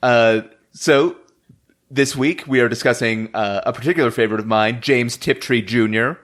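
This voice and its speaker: A man's voice: mid-range voice, fairly bright tone. A man hosting a podcast who laughs a lot and hesitates with frequent ums while he runs the episode. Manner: laughs often, slow, hesitant delivery with many ums. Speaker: podcast host. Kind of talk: casual podcast chat.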